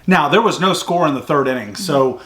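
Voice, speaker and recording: A man talks through a softball game play by play. His voice sits a little high and sounds bright and forceful. He chats casually, with plenty of fillers and restarts. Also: fairly quick. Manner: chatty, recounts plays step by step with fillers. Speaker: sports recruiting show host. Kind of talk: casual game recap chat.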